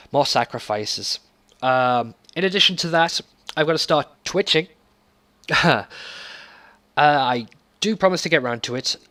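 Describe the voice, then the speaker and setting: A man hosting his gaming channel, talking candidly in a casual vlog with many ums and pauses, a slight echo on his voice. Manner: candid, low-key. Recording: slight echo from recording software.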